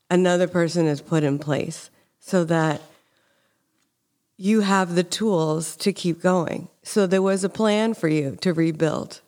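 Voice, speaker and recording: A woman's voice: sits low, a little mellow. A woman hosting a conversational interview, telling stories earnestly and acting out quoted dialogue. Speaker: podcast host.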